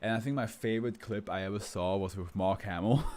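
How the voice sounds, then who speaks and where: Hosting a live stream, a man chats in a meandering way packed with fillers and laughter before reading a document out loud. His voice is on the low side and darkish, a little fast with few pauses.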